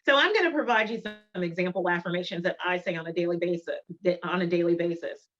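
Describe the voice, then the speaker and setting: A middle-aged woman giving a motivational conference talk, emphatic and deliberate, repeating her key phrases. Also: lowish voice, fairly bright tone, soft background music. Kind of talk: motivational presentation. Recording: dull lo-fi recording.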